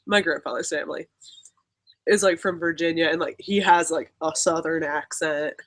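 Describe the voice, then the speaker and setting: A woman's voice: sits low, fairly even intonation, moderate pace. A young woman from Maryland chatting casually with a friend, rambling and filling her talk with "like". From Maryland, USA. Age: young adult. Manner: chatty, rambling, fills speech with "like", laughs often. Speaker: guest friend. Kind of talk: casual chat. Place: home in Pennsylvania.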